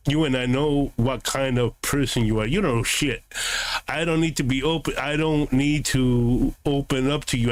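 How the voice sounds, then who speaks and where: Sarcastic man scolding his chat. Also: mid-range voice. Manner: combative, sarcastic, lecturing. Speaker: game streamer. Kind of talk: live-stream chat reply.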